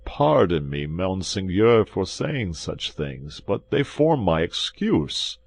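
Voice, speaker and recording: A man's voice: low voice, sing-song, slow pace, gravelly, dry recording, exaggerated voice. Man voicing a trembling, begging innkeeper. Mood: anxious. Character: frightened pleading male innkeeper.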